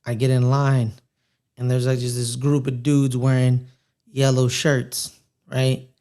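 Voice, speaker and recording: During a live watchalong stream, a male co-host chats casually and tells a long anecdote full of restarts and fillers, putting on voices for the characters in it. His mid-range voice is warm, unhurried, and shows little pitch movement.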